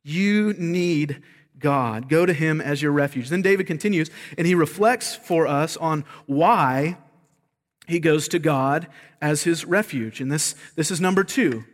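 A man's voice: fairly high pitch, a little slow. A man preaching a sermon as pastor, earnest and emphatic, often repeating words as he makes a point. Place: church sanctuary. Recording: long reverb of a large hall.

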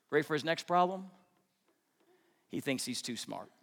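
A man preaching a sermon, conversational and animated, acting out the quotes he tells. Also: on the high side, moderate pace, in a large hall. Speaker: pastor.

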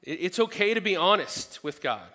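A man preaching a sermon, talking conversationally and rising to loud, emphatic peaks. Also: sits high, very animated, normal speed, big-room sound. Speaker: pastor.

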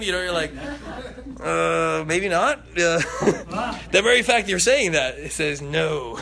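High-voiced animated male preacher. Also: unhurried, creaky, a crowd in the background. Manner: animated, acts out voices, laughs and jokes. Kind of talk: sermon.

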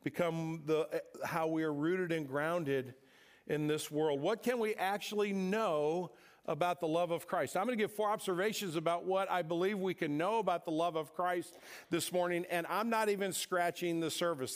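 A middle-aged man from the American Midwest preaching a conversational sermon, telling stories and often repeating words as he gathers his thoughts. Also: sits high. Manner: conversational preaching with storytelling asides, repeats words when pausing. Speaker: pastor.

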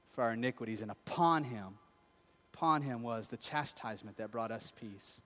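A male pastor preaching a sermon in a conversational tone, dropping quiet and then rising to emphatic peaks. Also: mid-range voice, normal speed, big-room sound.

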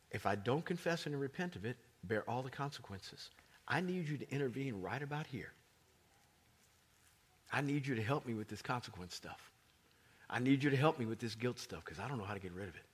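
A man preaching a sermon with animated delivery, dropping to whispers at moments. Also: mid-range voice, slightly rough. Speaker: pastor.

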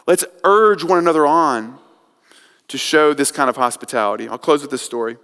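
A man preaching a sermon as pastor, telling a story, swinging from quiet and slow to loud and raised. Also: clear, resonant tone. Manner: storytelling, builds from soft and slow to loud and high. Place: church sanctuary. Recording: long church hall reverb.

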